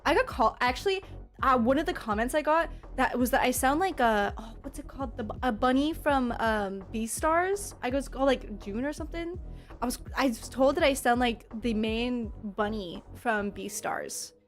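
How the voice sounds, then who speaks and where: A woman's voice: high voice, expressive, normal speed, soft background music. A young adult woman streaming live, bubbly and giggly as she reads and answers her chat. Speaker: livestreamer.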